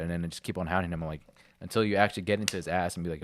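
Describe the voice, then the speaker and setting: Low-voiced man, easygoing guest. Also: racing, dry recording. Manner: relaxed, agreeable, frequent backchannels. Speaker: podcast guest. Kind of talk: casual chat.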